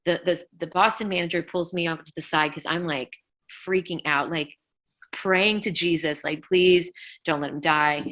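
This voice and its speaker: Middle-aged woman guest, low and bright-toned, halting emotional storytelling. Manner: emotional, halting retelling with many fillers. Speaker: interview guest, former band vocalist. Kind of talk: casual interview storytelling.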